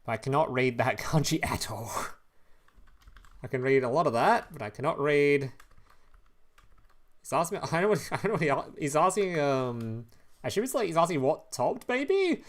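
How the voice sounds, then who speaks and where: A young man chats casually on a live stream in a slightly high, animated voice at normal speed, pausing often. Reacting to chat, he trips over his words, swears loosely, and chuckles a lot.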